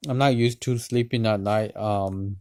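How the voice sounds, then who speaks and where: A tired man talking hesitantly to camera in a personal vlog, with many pauses and restarts. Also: on the low side, fairly even intonation, smooth. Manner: hesitant, many ums and restarts, soft-spoken. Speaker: vlogger.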